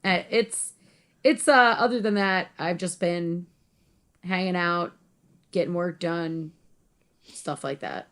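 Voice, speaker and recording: A woman's voice: lowish voice, slow, pauses often, fairly bright tone. A young woman co-hosting a podcast, chatting casually with lots of "like" and frequent laughter. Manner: rambling, heavy use of "like", laughs often. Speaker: podcast co-host. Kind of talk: casual chat.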